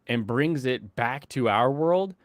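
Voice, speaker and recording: A man hosting a casual podcast chat, ranting in an animated, sardonic way and slipping into mocking voices. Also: medium pitch, slow pace, no echo. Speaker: host.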